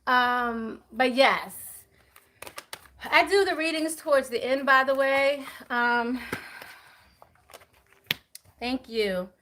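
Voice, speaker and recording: A woman giving a chatty live tarot reading, talking to viewers and spirits, with many fillers and quick apologies. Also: high-pitched, pushed and bright, a little hiss or hum. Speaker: tarot reader.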